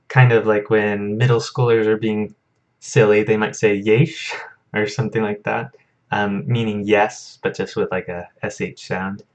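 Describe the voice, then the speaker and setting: A young man talks through a vocabulary lesson in a relaxed, easygoing way, correcting himself and chuckling at his own memory aids. His voice sits low, and he speaks slowly, lingering over each word. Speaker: Hebrew teacher.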